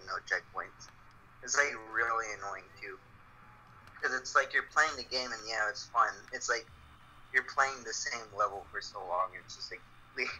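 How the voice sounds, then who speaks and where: A man's voice: fairly low pitch, bright, forceful tone, rough recording. A man chatting casually about games with friends, rambling with many fillers, faint noise behind him. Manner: rambling, lots of "like". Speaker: friend on voice chat. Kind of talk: casual gaming chat.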